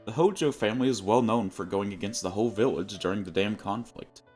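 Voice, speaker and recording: A young man chatting casually while streaming a game, rambling and often breaking into high-pitched laughter. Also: a little fast, a little mellow, soft background music. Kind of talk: casual livestream gaming chat.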